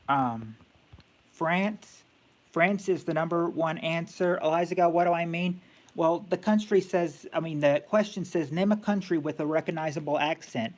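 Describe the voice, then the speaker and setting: Halting man hosting a stream game. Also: fairly high pitch, darkish tone. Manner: halting, thinks aloud with many fillers and restarts. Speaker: game show host on a live stream.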